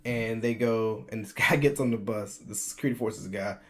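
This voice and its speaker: A man's voice: on the low side, normal speed, fairly bright tone. An American man in his twenties telling his own story in a casual vlog, chatty, laughing often and restarting his sentences. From United States. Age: 20s. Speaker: vlogger.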